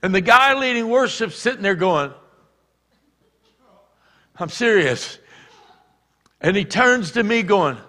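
A man preaching a sermon, telling stories and acting out shouted quotes. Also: high-pitched, takes it slowly, pauses often. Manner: animated, acts out shouted quotes. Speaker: pastor. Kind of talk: sermon storytelling. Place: church. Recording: church hall reverb.

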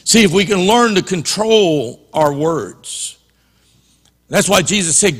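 A man's voice: fairly high pitch, expressive, measured pace, big-room sound. A man preaching a passionate sermon as a pastor in a church, often repeating and restarting his words.

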